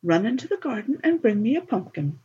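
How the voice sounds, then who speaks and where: A woman's voice: a little high, sing-song, brisk, breathy edge, voice pushed up, exaggerated voice. A woman doing a kindly fairy godmother. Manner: warm, reassuring, motherly. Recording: dull lo-fi recording.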